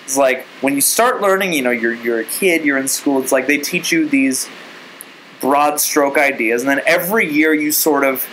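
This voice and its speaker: A man's voice: on the high side, normal speed, a bit bright, a little hiss or hum, low-quality recording. A man co-hosting a casual chat, rambling with many restarts and acted-out quotes. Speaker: co-host.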